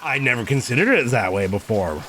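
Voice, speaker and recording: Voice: mid-range voice, animated, fairly quick, noisy background, close to an everyday voice. A streamer voicing a polite, formal male artist with a put-on German accent. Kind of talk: game dialogue read aloud.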